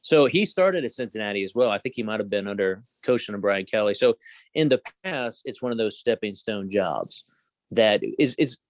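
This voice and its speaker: Podcast co-host, male, lowish voice, dry close sound, loose rambling delivery full of asides. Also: animated, moderate pace, no room sound. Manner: rambling, hedging with trivia asides. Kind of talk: casual sports chat.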